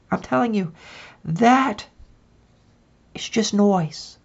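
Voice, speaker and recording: Woman doing a chatty tarot reading, kinda gravelly and husky, lo-fi dull sound, keeps going "right?". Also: medium pitch, unhurried, pauses often, darkish tone. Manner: chatty, often checks in with "right?". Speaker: tarot reader. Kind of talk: casual spiritual tarot reading.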